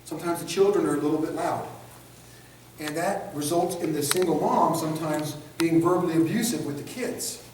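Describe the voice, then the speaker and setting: A man's voice: fairly high pitch, a little fast, a little mellow, a little hiss or hum. A man teaching a de-escalation training class, lecturing animatedly and acting out examples in mocking voices. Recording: echoey room, recorded from far off.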